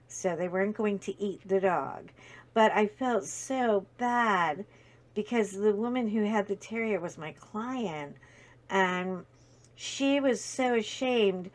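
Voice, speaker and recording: A woman's voice: medium pitch, a little slow. A woman hosting a casual crafting video, telling an anecdote with many fillers and acted-out quotes. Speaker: video host. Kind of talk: casual storytelling while diamond painting.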